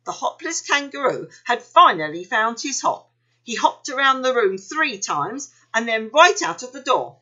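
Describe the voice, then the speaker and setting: A woman reading a children's story aloud in an expressive, unhurried way. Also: on the high side, lo-fi sound.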